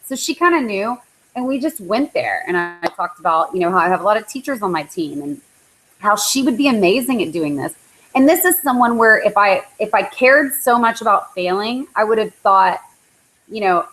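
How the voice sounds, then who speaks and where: A woman's voice: medium pitch, normal speed, a bit bright, poor audio. Chatty woman coaching on a live call. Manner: chatty, lots of likes and ums. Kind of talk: casual motivational talk. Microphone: live online call.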